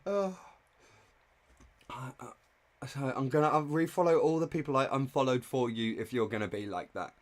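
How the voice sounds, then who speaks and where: A young man reacting live on stream, in a middle-pitched voice. He talks in a loose, irreverent and blunt way, like live commentary. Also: a little fast.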